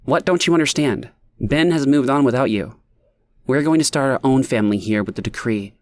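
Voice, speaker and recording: A man's voice: mid-range voice, a little fast, a little mellow, no echo, pitched above the performer's own voice, natural voice. Brief: a man doing a curt, smug pregnant woman for an audiobook, slightly raised voice, dry sound. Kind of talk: audiobook character voice.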